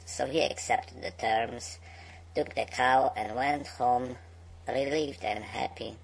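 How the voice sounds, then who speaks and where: Slow, gravelly bedtime storyteller man. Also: mid-range voice, fairly even intonation, slight background noise, rough recording. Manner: slow, unhurried reading with small slips.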